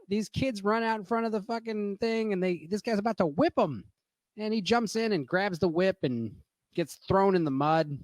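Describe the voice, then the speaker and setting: A man's voice: sits high, a little mellow, no echo. A drunk man giving a rambling, profane movie rant, full of fillers and restarts. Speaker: movie reviewer.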